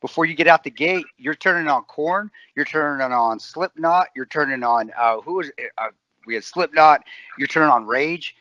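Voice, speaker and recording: Emphatic, sharp-voiced man in his forties. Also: a little high, normal speed, dry recording, muffled recording. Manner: emphatic and sarcastic, swears freely. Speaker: podcast co-host. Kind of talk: casual chat.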